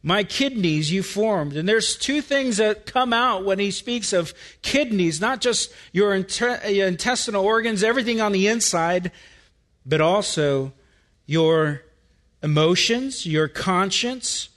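A man preaching a sermon, explaining a Bible passage verse by verse with deliberate, emphatic repetition. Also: sits high, fairly bright tone. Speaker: pastor.

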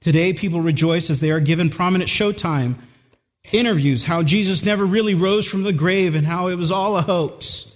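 A man's voice: high voice, fairly quick, big-room sound. A male pastor preaching an earnest, emphatic sermon and repeating words for stress.

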